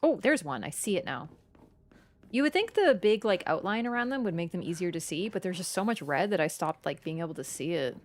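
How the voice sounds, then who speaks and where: Young woman, game streamer, excitable, chatty, swears, jokey. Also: on the low side, a little fast. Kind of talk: live let's-play chat.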